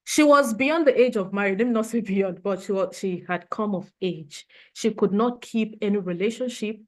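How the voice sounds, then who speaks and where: A woman's voice: medium pitch, moderate pace. A woman trainer giving a motivational leadership talk, earnest and emotional, repeating her points for emphasis.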